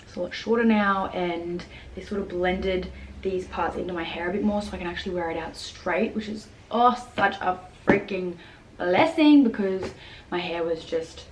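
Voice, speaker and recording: A young woman tells a story in a chatty vlog, peppering her talk with "like" and acting out what others said. Her voice sits a little low. The room is echoey, with a faint hum of noise behind her. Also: moderate pace. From Australia. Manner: chatty, lots of "like" fillers, acts out quotes. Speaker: vlogger.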